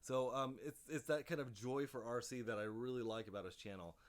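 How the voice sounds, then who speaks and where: A man's voice: medium pitch, a little fast. A man hosting a casual live stream about his drone hobby from his home office, rambling through fillers and restarts as he speaks into a desk microphone. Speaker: drone hobby channel host.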